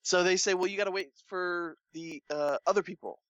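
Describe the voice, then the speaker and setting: A man chatting casually, telling a long story with animated delivery and acting out the people he quotes. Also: brisk, no echo, dull audio. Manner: animated storytelling, acts out quoted lines with rising pitch. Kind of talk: casual chat.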